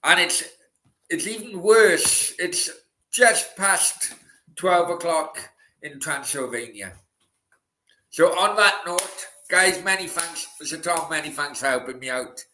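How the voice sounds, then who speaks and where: Chatty football channel host, bright roomy. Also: male voice, on the high side, slow, slight background noise. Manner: relaxed, chatty, laughing often. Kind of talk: casual chat. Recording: roomy echo.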